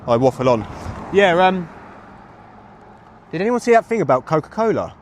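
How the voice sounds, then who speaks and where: A man's voice: on the high side, sing-song, normal speed. A man in his thirties, livestreaming outdoors to his chat, rambling and chatty as he talks on a phone mic. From England. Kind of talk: live street streaming to chat. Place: outdoors on a street with traffic. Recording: street traffic noise behind.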